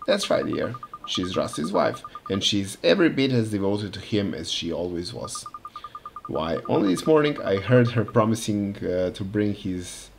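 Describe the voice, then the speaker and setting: A man's voice: on the low side, sing-song, moderate pace, vocal fry, noisy background. A man reading as a gossipy old neighbour woman. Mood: gossiping. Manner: confiding, chattering gossip.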